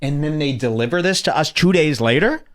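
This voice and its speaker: A man hosting a podcast in casual comedic chat, animated, swearing freely and mimicking the clips he plays. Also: on the high side, a little fast. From United States. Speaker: podcast host.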